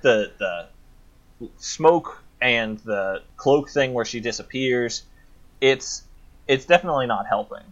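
A man's voice: mid-range voice, animated, slow, fairly bright tone, muffled recording. A man co-hosting a casual chat, thoughtfully retelling a film plot at length.

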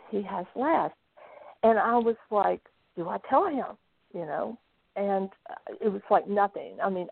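A woman's voice: mid-range voice, vocal fry, no room sound. A woman who works as a psychic medium, telling stories in a chatty way as a guest on a talk show. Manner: chatty storyteller, quotes spirits and clients. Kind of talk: casual phone interview. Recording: tinny dry phone line.

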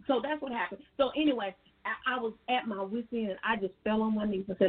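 A woman's voice: fairly high pitch, fast. A woman gives a folksy, preachy faith testimony as a guest on a call-in show, talking straight to her listeners. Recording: tinny phone line with faint music.

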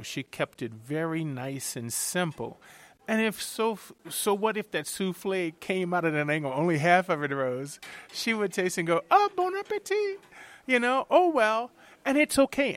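A middle-aged man from Louisiana with a fairly high voice. He talks as a chef being interviewed, chatty and animated, telling stories as he goes. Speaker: chef and TV cooking host. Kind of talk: interview answers, storytelling.

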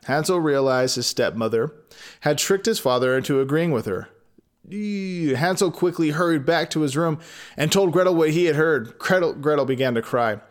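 A man's voice: a little high, expressive, normal speed. A man reading a fairy tale aloud, breaking off into rambling, profane comic asides. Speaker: storyteller.

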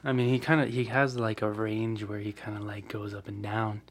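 A man's voice: fairly low pitch, little pitch movement, moderate pace, husky. A man co-hosting a podcast in casual chat, enthusiastic and full of fillers. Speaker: podcast co-host. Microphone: headphones and mic at home.

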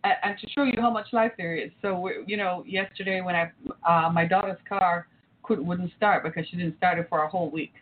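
A woman's voice: fairly low pitch, brisk. A woman in her forties hosting a talk, telling a family story and playing out the voices in it. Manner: animated, acts out quoted voices. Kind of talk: storytelling to an audience. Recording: tinny phone-like line with faint noise.

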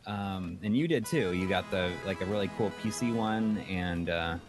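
A man's voice: low-pitched, moderate pace, over music. A man co-hosting a casual chat show, reading out donations, rambling with many fillers and restarts. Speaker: podcast co-host reading donations.

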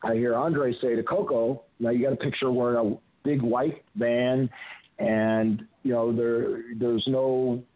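An older man calling into a show, spinning a long, rambling road story full of restarts and asides. His voice sits at an ordinary middle pitch. It comes through a thin, tinny phone line. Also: fairly even intonation, measured pace, no room sound. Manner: rambling anecdotes with frequent restarts. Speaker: guest, retired wrestler. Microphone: telephone.

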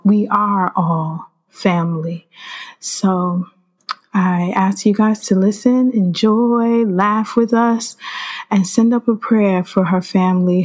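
A woman's voice: lowish voice, darkish tone. Chatty woman podcast host. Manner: conversational, calls listeners "you guys" and "y'all". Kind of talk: casual chat.

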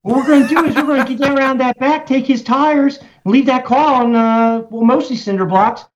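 A man putting on an exaggerated Baltimore accent as a scheming tough guy, loud and drawling. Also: very high-pitched, normal speed, voice pushed up. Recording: slightly dull lo-fi audio.

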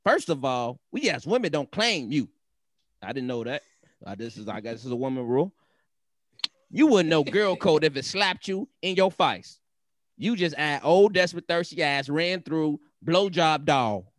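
A man's voice: expressive, normal speed, no room sound, studio quality, close to an everyday voice. A man putting on the voice of a sassy, angry woman while reading a social media post aloud. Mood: sassy, scolding. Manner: mocking sassy falsetto-ish read.

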